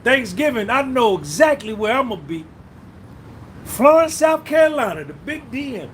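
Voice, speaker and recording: A man hosts a loose livestream chat, rambling and cursing freely as he reminisces and answers viewers by name. His voice sits high for a man, and a faint hiss runs underneath. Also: big pitch swings, normal speed. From New Jersey. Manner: rambling, profane, reminiscing, reading out chat names. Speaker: podcast host.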